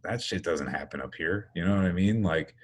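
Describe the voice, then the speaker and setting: Man with a very deep, husky voice. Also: brisk. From US East Coast. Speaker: podcast co-host. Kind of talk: casual chat.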